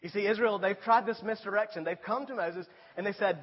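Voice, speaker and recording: Preacher guy, kinda high and husky, easygoing sermon that builds up, muffled with a big hall echo. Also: brisk. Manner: conversational preaching, rising to emphatic appeals. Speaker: pastor. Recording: dull sound with long reverb in a large hall.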